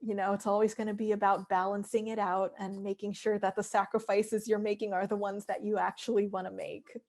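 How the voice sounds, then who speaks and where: A young woman, an interview guest, talking reflectively and at length with many fillers, losing her voice and clearing her throat. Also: mid-range voice, little pitch movement, brisk, a little mellow. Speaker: interview guest, animation director. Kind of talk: casual interview.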